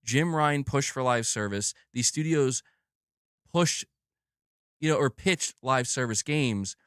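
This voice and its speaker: A man's voice: medium pitch, takes it slowly, fairly bright tone, smooth, no room sound, clean studio sound. Exasperated, swearing male streamer. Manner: profane, exasperated ranting. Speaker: gaming news streamer. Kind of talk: live stream commentary.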